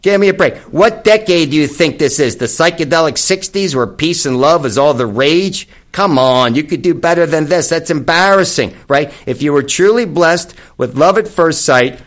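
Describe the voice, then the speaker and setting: A man's voice: fairly high pitch, a bit bright. A man giving a casual, sarcastic monologue on dating advice, mocking each line with emphatic scorn.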